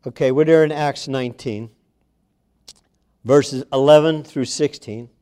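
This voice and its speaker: A man's voice: medium pitch, measured pace, dark tone, clear, resonant tone. A man preaching a sermon to a congregation, reading scripture aloud and speaking to his listeners directly with emphasis.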